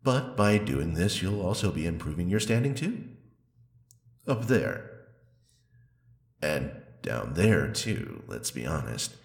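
A man plays a seductive demon spirit in a stolen body, his voice extremely deep and rough with gravel. He talks in an unhurried, intimate murmur. The echo of a roomy space hangs on the recording of this adult audio role-play. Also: big pitch swings, exaggerated voice. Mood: sly.

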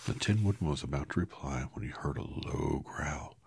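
Man, deep creaky storybook reader, soft and hushed, dry close sound. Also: normal speed, no room sound. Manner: soft, half-whispered, apologizes for slips. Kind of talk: quiet storybook read-aloud.

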